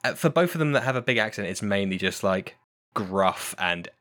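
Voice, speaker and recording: A man with a lowish voice and a bright, forceful edge, talking casually as a podcast guest. He rambles, restarts his sentences and keeps breaking into laughter. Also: animated, moderate pace. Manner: rambling, self-correcting, laughs often. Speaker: podcast guest and tabletop player. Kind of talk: casual chat.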